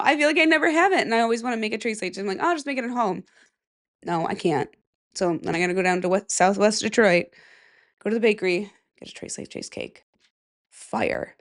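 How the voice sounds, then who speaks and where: A young woman from Michigan hosting a casual solo podcast, nasal and stuffy from a cold, rambling and giggling at herself at her desk mic. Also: mid-range voice. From Michigan, USA. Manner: rambling, giggly, self-mocking. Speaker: podcast host. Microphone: desk microphone.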